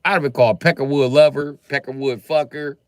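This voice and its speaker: A man talking casually on a live stream in a profane, animated way, breaking into laughs between remarks. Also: mid-range voice, fairly quick, clean tone, no echo, clean studio sound.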